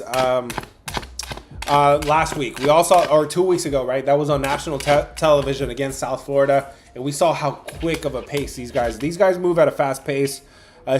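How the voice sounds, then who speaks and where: Chatty man hosting a betting stream. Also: a little high. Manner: chatty, addresses chat viewers directly, frequent fillers. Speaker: sports betting livestream host. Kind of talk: casual livestream commentary.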